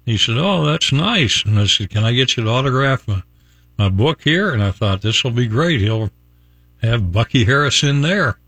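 A man's voice: mid-range voice, animated, moderate pace, a bit bright, dry recording. An older man from Virginia hosting a morning radio show, telling a rambling story and chuckling often. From Virginia, USA. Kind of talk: chatty on-air storytelling. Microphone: studio mic.

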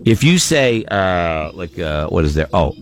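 A man's voice: deep voice, very animated, unhurried, faint music behind. A man hosting a casual talk show, ranting in an exasperated way. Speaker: radio show host. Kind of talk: casual chat.

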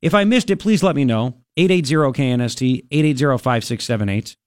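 A man's voice: mid-range voice, quick pace, no room sound. Sarcastic guy ranting on talk radio, dead dry studio sound. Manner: sarcastic, mocking, exasperated. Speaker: radio talk show host. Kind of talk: opinionated talk radio monologue. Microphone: studio microphone.

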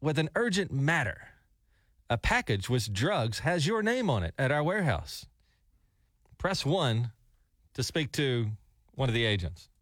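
A man's voice: mid-range voice, sing-song, a little slow, pauses often, a bit bright, no room sound, clean studio sound. A man voicing an automated scam call recording in a formal, announcing tone.

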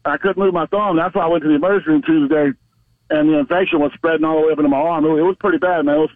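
A man calling in to a radio show from his car on the highway, telling a rambling story. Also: fairly even intonation, rapid-fire, no echo. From Florida. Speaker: caller. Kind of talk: casual phone call to a radio show. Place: in a vehicle on the highway. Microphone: phone. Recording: tinny dry phone line.

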